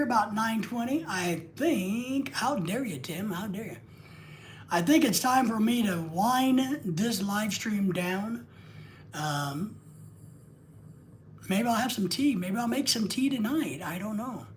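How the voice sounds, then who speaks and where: A man's voice: extremely high pitch, a little hiss or hum. A man hosting a live stream, rambling and joking casually with crude asides.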